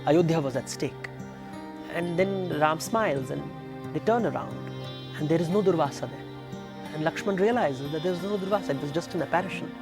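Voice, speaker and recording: A man's voice: fairly high pitch, a little fast, music in the background. A man with an Indian English accent, a mythologist explaining old stories with rhetorical questions and quoted dialogue. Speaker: mythologist guest. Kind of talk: explaining and retelling myths.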